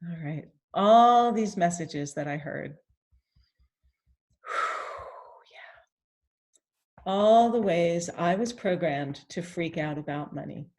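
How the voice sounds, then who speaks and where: Slow, gentle woman guiding a tapping session. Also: lively intonation. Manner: gentle, breathy pauses with sighs and deep breaths; repeats phrases slowly in the first person. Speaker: EFT tapping coach.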